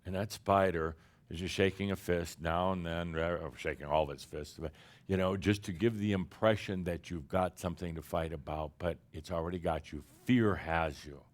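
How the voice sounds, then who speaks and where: A man acting as a spiritual teacher, channeling an entity and addressing his audience as "dear human" in a playful, theatrical way that swings between loud emphatic bursts and quiet, drawn-out phrases. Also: low voice, steady tone.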